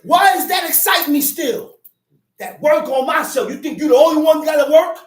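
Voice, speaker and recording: A man giving a religious Sabbath teaching to a small group. He talks in a streetwise, conversational way and breaks into sudden shouted bursts for emphasis. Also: extremely high pitch, moderate pace. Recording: echoey room, distant mic.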